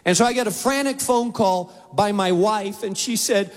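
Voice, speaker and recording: A man preaching in a big auditorium, his voice sitting fairly high for a man. He tells animated stories and slips into other people's voices. A long reverb trails each phrase. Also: normal speed. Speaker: pastor. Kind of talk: sermon. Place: large auditorium.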